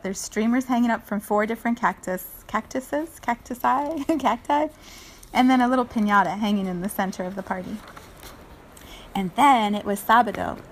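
A woman reads a children's picture book aloud in a relaxed, chatty way. She laughs often and stops to describe the illustrations between the lines of the story. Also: a little high.

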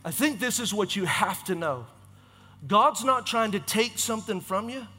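A man preaching as a pastor, in an impassioned, repetitive style with quick self-corrections. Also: high-pitched, animated, bright, forceful tone, big-room sound. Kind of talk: sermon.

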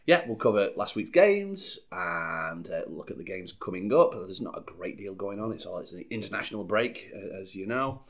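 A man co-hosting a podcast from a bar, chatting in a relaxed, meandering way. His voice is low and a little husky, and his pitch swings widely as he hedges and restarts his sentences. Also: moderate pace, hardly any pauses. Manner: hesitant, many fillers and restarts. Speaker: podcast co-host. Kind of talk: casual chat. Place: bar in San Diego.

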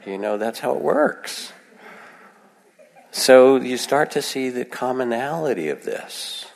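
A man giving a gentle, reflective meditation talk to a live audience, with soft asides in other voices. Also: mid-range voice, animated, slow, gravelly, big-room sound. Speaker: meditation teacher. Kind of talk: dharma talk.

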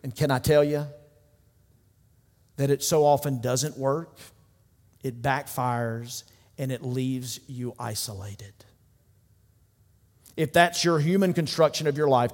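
A man's voice: mid-range voice, darkish tone. A man preaching a sermon as pastor, building his points through rhythmic repetition and rising intensity. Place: church sanctuary. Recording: long reverb of a large hall.

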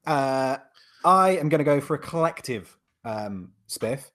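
A man's voice: medium pitch, animated, unhurried, a bit bright. A man hosting a casual podcast, laid-back and hesitant, with many filler sounds. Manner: laid-back, lots of ums and uhs. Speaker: podcast host. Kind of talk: casual chat.

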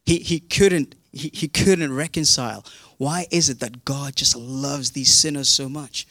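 A man preaching a sermon in an animated, conversational way, often repeating words. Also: mid-range voice, unhurried, no room sound, clean studio sound. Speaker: pastor.

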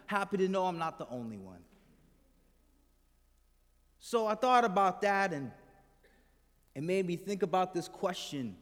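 Male pastor, high-ish voice, conversational sermon delivery with soft trailing endings, reverberant sanctuary. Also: very animated, unhurried, long pauses. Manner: conversational, asks the congregation questions; drops to a soft low voice at the end of phrases. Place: church hall with congregation. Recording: hall reverb from the room.

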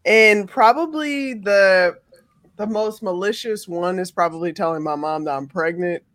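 A man chatting casually as a podcast guest, expressive and playful. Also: sits high, unhurried. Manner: expressive, playful, self-mocking. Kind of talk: casual chat.

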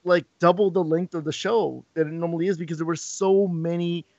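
Male podcast co-host, upbeat and rambling, slightly high voice, dull dry recording. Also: a little fast, gravelly, no echo. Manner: animated, repeats words when starting sentences. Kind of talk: casual chat. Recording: dull lo-fi sound.

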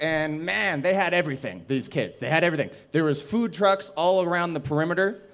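A stand-up comedian, a man, telling a rowdy story in casual, animated speech with laughter and swearing. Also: a little high.

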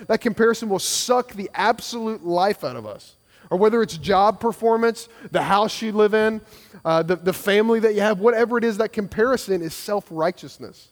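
A man's voice: high-pitched, fairly quick, big-room sound. A man preaching a sermon as pastor, earnest and conversational, with frequent restarts and repeated phrases.

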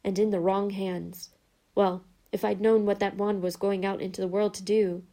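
A woman voicing a soft-spoken, eerie old male wandmaker who talks slowly and quietly, then bursts into excitement. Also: mid-range voice, natural voice. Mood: hushed.

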